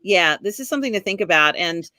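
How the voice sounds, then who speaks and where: Bright-voiced woman host, dry close mic, rambling and chatty. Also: on the low side, animated, fast talker, no echo. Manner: rambling, many fillers, laughs while talking. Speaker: podcast host. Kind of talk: casual live-stream chat.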